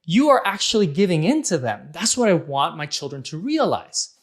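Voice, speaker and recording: A man's voice: a little high, sing-song, moderate pace. A man in his thirties hosting a parenting talk, speaking casually and animatedly, acting out quotes as he explains. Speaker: parenting vlog host. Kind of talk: casual advice monologue.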